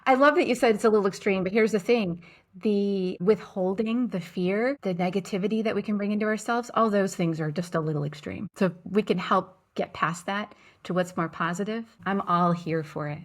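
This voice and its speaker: A woman's voice: mid-range voice, a little fast. Upbeat woman podcast host, gushing and emphatic, chatting over a video call. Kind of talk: enthusiastic interview chat.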